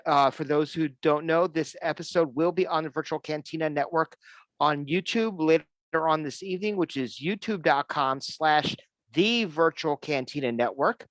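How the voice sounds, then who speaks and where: Recorded dry, this fan-group show host has a fairly high, fairly bright voice. He rambles enthusiastically in casual chat, frequently starting his sentences over.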